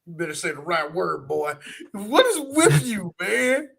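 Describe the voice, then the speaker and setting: Man, high voice, bright tone, animated, profane, casual podcast chat. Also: measured pace, gravelly. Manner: animated, laughing, profane banter. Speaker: podcast co-host.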